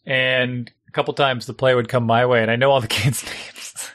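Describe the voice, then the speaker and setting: Middle-aged dad coach chatting, sharp bright voice, acts out his yelling. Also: mid-range voice, moderate pace. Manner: animated storyteller, acts out yelled lines. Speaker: youth sports coach and parent. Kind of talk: casual chat.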